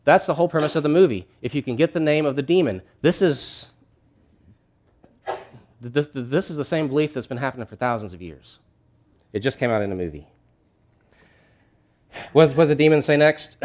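A man's voice: medium pitch, normal speed. A man preaching a sermon in a conversational, emphatic way, often restarting his phrases.

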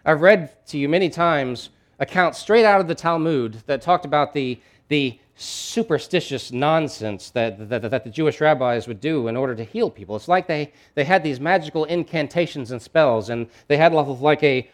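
A man's voice: on the high side, expressive, normal speed, few pauses. A man preaching a sermon in a conversational, emphatic way, with asides and frequent restarts. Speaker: pastor.

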